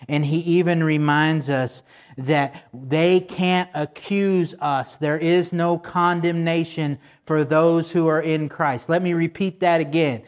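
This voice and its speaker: A man with a fairly high voice delivers a sermon from the pulpit. He talks to his congregation in a relaxed, conversational way and checks in with them along the way. When he quotes scripture he slows down and leans on each word. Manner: conversational preaching, asks the congregation for responses. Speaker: pastor.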